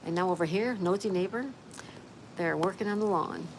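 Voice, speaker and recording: Speaking fairly quickly in a lowish voice, a woman livestreams casually from an outdoor spot with a view, background noise present. She reads out viewers' comments and responds in a friendly, chatty way.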